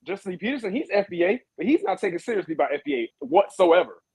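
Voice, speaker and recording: A man talking on a phone in a casual panel chat, in rapid, halting bursts with restarts. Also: high voice, expressive, a little mellow, slightly rough, no room sound. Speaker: guest panelist.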